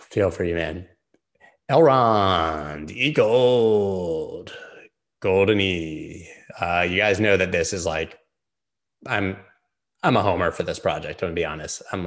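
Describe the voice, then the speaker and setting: Male streamer host, deep voice, casual chart talk, jokey and rambling. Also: fairly bright tone. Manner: joking, rambling, quick asides.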